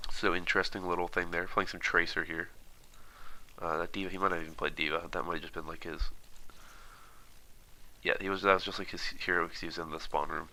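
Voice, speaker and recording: Fast-talking man, very low and bright. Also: low-quality recording. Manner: fast, rambling, many fillers and restarts. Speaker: esports commentator. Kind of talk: casual analysis while watching footage.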